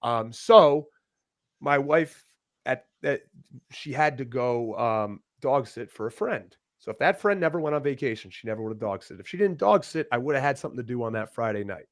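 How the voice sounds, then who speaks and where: A man from Rhode Island, a guest on a wrestling podcast, telling animated stories in a casual chat and laughing often. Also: medium pitch, moderate pace, no room sound. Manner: animated, laughing storyteller with frequent restarts. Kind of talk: casual storytelling interview.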